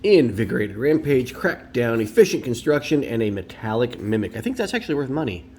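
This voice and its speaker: A man talking at a middle pitch as he opens trading cards at home. His commentary is casual, chatty and opinionated, with rambling asides. There is a faint hiss underneath. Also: very animated, brisk, darkish tone. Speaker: card collector and video host. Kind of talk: casual card-opening commentary.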